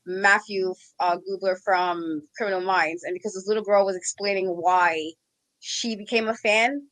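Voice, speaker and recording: A woman co-hosting a casual chat, talking in an animated way, a self-described easy crier. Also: mid-range voice, normal speed, no echo, low-quality recording. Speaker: co-host.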